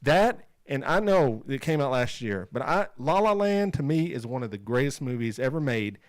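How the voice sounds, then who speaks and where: A man's voice: mid-range voice, big pitch swings, normal speed, no room sound. A man co-hosting a casual podcast chat, talking emphatically and repeating himself as he rants. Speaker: podcast co-host.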